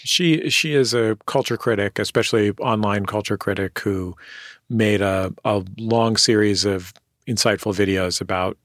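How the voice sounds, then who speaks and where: A man hosting a radio interview show, asking questions in a measured, thoughtful way. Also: lowish voice, a bit bright, no echo, clean studio sound.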